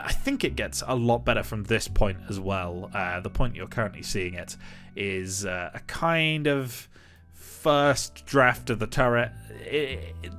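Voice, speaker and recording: A man's voice: medium pitch, fairly bright tone. A man giving casual, rambling commentary over his own game build, chuckling often and poking fun at himself. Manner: chuckling, rambling, self-deprecating.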